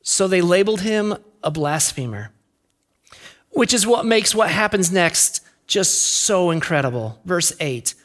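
A pastor delivering an earnest sermon, with emphatic swings in pitch and loudness. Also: animated, a little slow.

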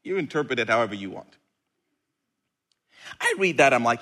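Bright-voiced, animated male preacher. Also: medium pitch, normal speed, pauses often. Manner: animated, playful, with sudden shouted bursts. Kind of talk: sermon.

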